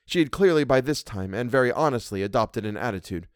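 Man, audiobook reader, classic ghost story, measured, expressive, lively pitch, dry close sound. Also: dry recording.

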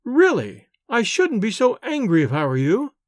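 A man voicing a mysterious young woman in a storybook, drawling and mocking in a deep, musical, deliberate way. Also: sing-song, dry recording, clean studio sound, full character voice.

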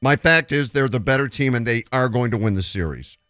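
A man's voice: mid-range voice, animated, brisk, a bit bright, dry recording, clean studio sound. A man hosting sports talk radio, making emphatic predictions and retelling stories with quoted dialogue.

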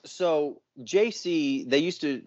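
A man with a slightly raised voice co-hosts a casual podcast. He tells a long, lively story and swears freely all the way through. The recording sounds dull and lo-fi. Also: a little high, slow. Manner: profane, animated storyteller. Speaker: podcast co-host.

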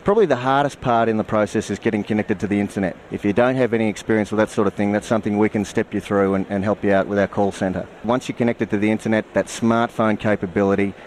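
Australian man, low voice, on a show floor. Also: steady tone, quick pace, hardly any pauses, darkish tone, slight background noise. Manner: explanatory, with frequent fillers and restarts. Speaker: guest, security company marketing manager. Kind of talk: radio interview at a trade show.

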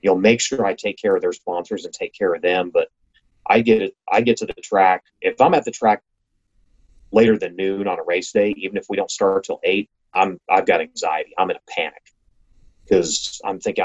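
A man's voice: low-pitched, breathy edge. A man who works as a racing announcer, talking casually as an interview guest and describing his work with enthusiasm and frequent restarts. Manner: enthusiastic, talks in quick bursts with restarts. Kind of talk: casual conversation. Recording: lo-fi, slightly dull sound.

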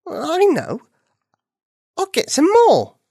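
A man voicing an eager, helpful young male bunny in a high, exclaiming voice. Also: wildly swooping pitch, moderate pace, no room sound, clean studio sound, heavily acted.

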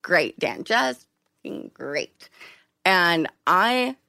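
Woman, interview guest, chatty storyteller, animated quoting, dry room. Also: drawn-out words, creaky, no echo. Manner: animated, acts out quotes with big pitch jumps. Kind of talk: casual storytelling.

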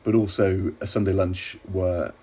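A middle-aged man from England, a former minister, telling wry, measured stories in an interview. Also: low voice, flat delivery, dark tone, breathy edge. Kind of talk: relaxed interview anecdotes.

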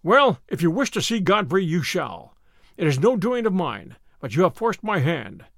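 A man's voice: high voice, sing-song, normal speed, creaky, dry recording, clean studio sound, exaggerated voice. A man playing a furious old colonel. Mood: resigned. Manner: blustering, shouting threats. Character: furious old male army colonel, bristling. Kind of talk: audiobook character reading.

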